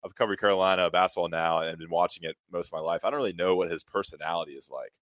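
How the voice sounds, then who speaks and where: Male co-host, very low voice, curious and conversational. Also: very fast, a bit bright, no room sound. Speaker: podcast co-host, sports reporter. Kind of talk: casual chat.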